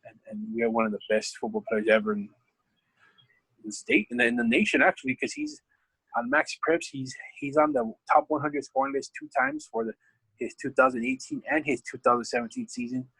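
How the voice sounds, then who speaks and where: A man's voice: medium pitch, big pitch swings, fairly quick, gravelly, fairly bright tone, slightly rough, no echo, poor audio. A man telling a rambling, profane sports story in casual podcast chat, as a football coach. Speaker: podcast guest.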